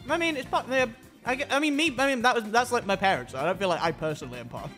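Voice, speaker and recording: A young man with a Yorkshire accent chats loosely through a live gaming stream, his pitch swinging widely as he jokes at his own expense. He trips over his words and restarts often, with faint music playing underneath. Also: expressive, very fast, bright, forceful tone. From northern England. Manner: joking, self-deprecating, with many restarts. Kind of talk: casual gaming chat.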